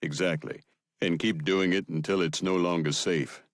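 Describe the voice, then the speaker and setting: Man playing a firm protective soldier, storybook, deep dry voice. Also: steady tone, moderate pace, dry recording, close to an everyday voice. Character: adult male soldier, calm, protective.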